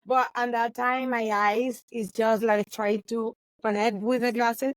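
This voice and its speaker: A woman, a baker chatting in an interview, animated and laughing often. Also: a little high, a little slow, no echo, rough recording. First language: Spanish. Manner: animated, laughs often, non-native grammar. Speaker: baker and guest. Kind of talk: casual interview chat.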